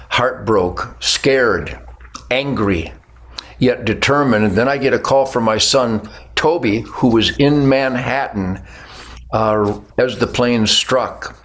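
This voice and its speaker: A man's voice: medium pitch, takes it slowly, fairly bright tone, rough recording. An older American man hosting a talk show, speaking with passion and stacking emphatic strings of words. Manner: impassioned, emphatic lists of words. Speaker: show host. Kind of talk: opinionated talk show chat.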